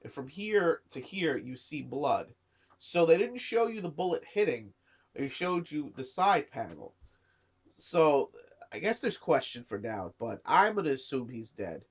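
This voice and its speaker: A man's voice: on the high side, sing-song, a little slow, slightly rough. Rambling man with a cough. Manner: rambling, lots of "you know" and "uh". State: sick, coughing. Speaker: manga reviewer. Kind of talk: casual chat.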